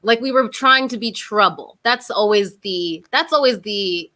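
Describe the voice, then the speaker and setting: A woman's voice: mid-range voice, unhurried, bright, forceful tone. A young woman in a casual panel discussion, speaking hesitantly with many fillers and restarts.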